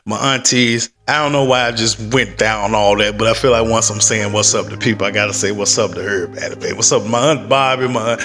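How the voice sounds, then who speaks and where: A man's voice: on the low side, fairly even intonation, brisk, few pauses, sharp tone, soft background music. A man chatting loosely from a desk at home in a rambling, slangy vlog. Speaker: stock-market vlogger. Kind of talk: casual rambling vlog chat.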